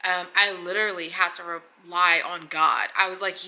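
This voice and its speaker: A woman's voice: on the low side, steady tone, moderate pace, pushed and bright. A young woman vlogger recounting a hard birth in a candid, emotional way, swearing freely and at times near tears. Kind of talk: casual confessional storytelling.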